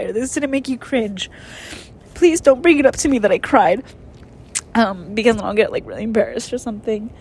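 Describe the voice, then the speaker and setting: A young woman talks through a casual solo podcast episode, her voice fairly high and tearful. She rambles with lots of fillers as she chats to her listeners, and a faint low rumble sits behind her. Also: brisk, darkish tone. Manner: emotional, rambling, many fillers. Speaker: podcast host.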